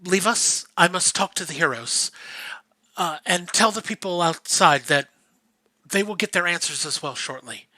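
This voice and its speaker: Male GM doing a weary young priestess, hushed, slightly raised pitch. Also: expressive, dry recording, exaggerated voice. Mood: solemn. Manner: soft, grave and halting.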